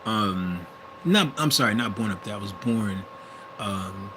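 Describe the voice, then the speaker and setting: A man's voice: on the low side, animated, unhurried. Rambling young man, Wisconsin accent. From US Midwest. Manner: rambling and hesitant, full of restarts and self-corrections. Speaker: vlogger. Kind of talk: casual monologue. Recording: vehicle noise in the background.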